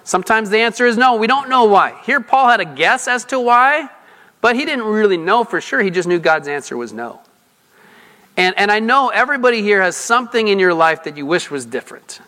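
A high-voiced man preaches a sermon in a loose, conversational way, often asking his listeners questions. His tone is bright and forward. The sound carries a long hall reverb. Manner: conversational, asks the congregation questions, restarts often. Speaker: pastor.

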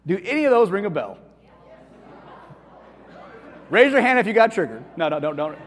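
A man preaching in a church hall, his voice sitting noticeably high for a man. He talks to the congregation in an animated, conversational way and keeps asking them questions. A long reverb tail hangs behind every phrase. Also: quick pace, few pauses. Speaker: pastor. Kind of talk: conversational sermon.

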